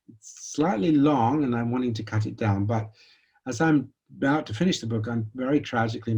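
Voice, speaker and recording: A man giving a lecture, telling a personal story in a conversational, animated way. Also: lowish voice, breathy edge.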